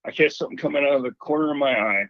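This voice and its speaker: A man calling in to a show and telling a ghost story in an animated way, acting out the voices he quotes. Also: medium pitch, very fast, no room sound. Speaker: caller. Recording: dull phone line.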